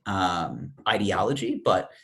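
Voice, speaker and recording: Low-voiced young man, laid-back. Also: lively intonation, slow, vocal fry, fairly bright tone. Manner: laid-back, profane, opinionated. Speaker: podcast co-host. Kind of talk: casual podcast chat.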